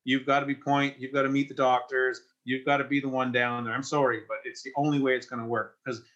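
A Canadian man in his forties, a firefighter, telling an emotional personal story in an interview in a halting way, with many restarts. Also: mid-range voice, little pitch movement, fairly bright tone, dull audio. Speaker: firefighter and investor.

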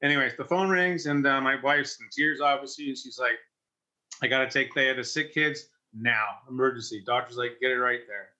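A Canadian man in his forties, a firefighter, telling an emotional personal story in an interview in a halting way, with many restarts. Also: mid-range voice, pushed and bright, highs cut off. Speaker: firefighter and investor.

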